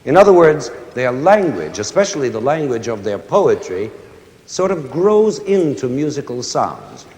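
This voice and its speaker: Unhurried and mid-range in pitch, a conductor lectures young listeners about music at a concert. He speaks animatedly with rising and falling expression, breaking off to sing and hum brief examples. A long concert-hall reverb gives the sound a roomy quality.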